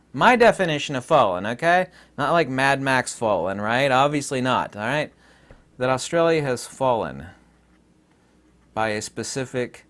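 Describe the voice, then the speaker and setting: A man from the United States talking straight to his viewers in an emphatic, ranting monologue. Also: medium pitch. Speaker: vlogger. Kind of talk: casual monologue to camera.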